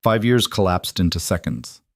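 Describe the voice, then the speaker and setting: A man giving a scripted narration of a romance story in a steady, even way. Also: sits low, moderate pace, dry recording, studio quality.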